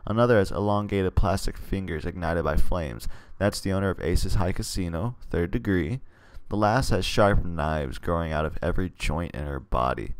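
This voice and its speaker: A gamer with a very deep, gravelly voice reads a text adventure aloud at normal speed as casual let's play commentary, musing on his stats between passages. His asides ramble and hesitate, and the close desk mic sounds dry with no echo.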